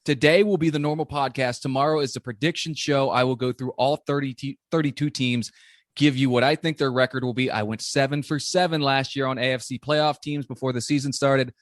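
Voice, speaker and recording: A man from Zanesville, Ohio, with a Central Ohio accent, hosting a casual sports podcast interview in a fast, excitable, self-deprecating way. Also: mid-range voice, no echo, studio quality. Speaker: podcast host.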